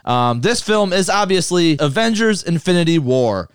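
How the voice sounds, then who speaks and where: A man hosting a casual movie podcast, talking loosely with swearing and rattling through a list fast. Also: high voice, sing-song, clear, resonant tone, dry recording, studio quality. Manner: loose, profane, reads lists quickly. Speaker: podcast host.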